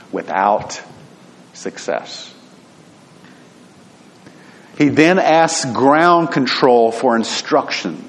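A man preaching a sermon in an earnest, deliberate storytelling manner. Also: mid-range voice. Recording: long hall reverb.

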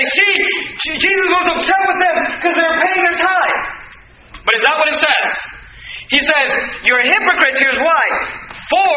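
A man preaching a sermon as pastor, emphatic and building to shouts on key points. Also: extremely high pitch, roomy sound, a little hiss or hum, low-quality recording.

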